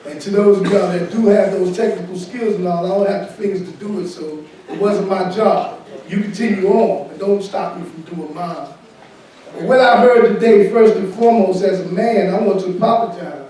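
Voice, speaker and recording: A high-pitched man, a pastor, gives frank, folksy panel remarks in a preacher's cadence. He sounds distant and the hall rings with heavy echo. Faint noise sits beneath his voice. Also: normal speed, dark tone. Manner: informal, candid, preacherly. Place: conference room at a summit. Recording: echoey hall, from far off.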